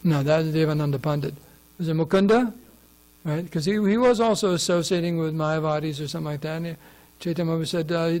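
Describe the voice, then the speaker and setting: A man's voice: fairly high pitch, steady tone, fast talker, a little mellow, poor audio. A man giving a scripture class, conversational and often asking his listeners questions. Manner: conversational, asks the audience questions. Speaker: class speaker.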